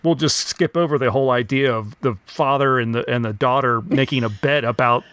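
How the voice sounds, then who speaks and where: A man's voice: medium pitch, fairly quick, fairly bright tone, clear, resonant tone, dry recording. Musing man podcast co-host. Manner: questioning, musing, restarts. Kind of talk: casual film discussion.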